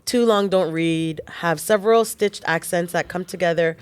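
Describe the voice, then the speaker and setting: Low-voiced woman reading a post aloud. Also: smooth. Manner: reads in a running voice with quick casual asides. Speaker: podcast co-host reading a listener post.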